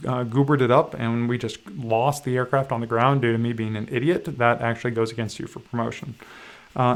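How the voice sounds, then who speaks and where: A man with a gravelly, creaky voice talks through the rules of a board game he is playing on a livestream. He pauses often with fillers and pokes fun at himself as he checks the rulebook. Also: mid-range voice. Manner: halting, many fillers, self-deprecating asides. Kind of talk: casual rules walkthrough.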